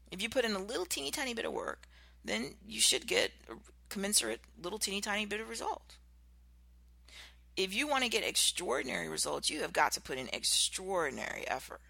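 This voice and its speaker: A podcast host giving an animated motivational talk, acting out contrasting example voices. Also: medium pitch, creaky, breathy edge, dry recording.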